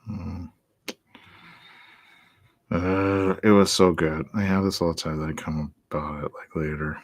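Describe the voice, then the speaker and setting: A man hosting a radio talk show alone, rambling in a loose, animated way, jumping into quoted voices and trailing off into mumbles. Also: deep voice, unhurried, no room sound, studio quality.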